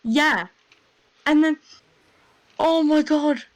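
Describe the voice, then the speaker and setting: Young woman chatting over voice chat, rambly and excitable, lots of "like". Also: high-pitched, very slow, crowd noise, rough recording. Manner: rambling, filler-heavy, excitable. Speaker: gamer. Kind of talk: casual storytelling over voice chat.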